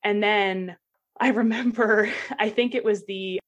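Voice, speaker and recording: A young woman guest shares a personal story in a casual podcast chat, laughing often and performing the voices of people she quotes. Her voice is medium-pitched, fairly even in intonation, and unhurried.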